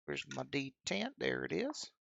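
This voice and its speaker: A man's voice: medium pitch, huge pitch swings, measured pace, gravelly, a bit bright, no room sound, highs cut off. A man casually running a tabletop game as game master, explaining rules with joking asides.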